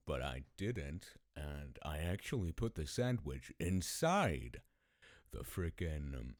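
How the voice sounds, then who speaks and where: A man with a deep voice telling stories casually as a podcast host, laid-back, swearing freely and laughing often. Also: sing-song, slow pace, no room sound, studio quality. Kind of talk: casual storytelling.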